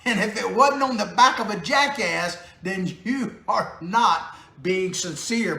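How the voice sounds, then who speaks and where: A man's voice: sits high, bright, forceful tone. A man hosting a political commentary show in a small home studio, talking casually with sarcastic jokes and frequent chuckles. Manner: joking, sarcastic asides, chuckles often. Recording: roomy echo in a small studio.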